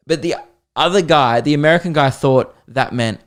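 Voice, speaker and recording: An Australian man hosting a podcast, telling a comic story in an animated, sweary, exasperated way. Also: a little high, moderate pace. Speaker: podcast host. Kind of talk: comedic storytelling.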